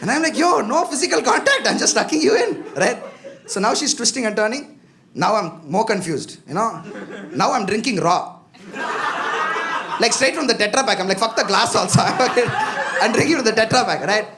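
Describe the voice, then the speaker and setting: A man's voice: sits high, expressive, moderate pace, pauses often, noisy background. A man doing a stand-up comedy set on a club stage, talking loosely and profanely with constant asides to the crowd. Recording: live club with audience laughter.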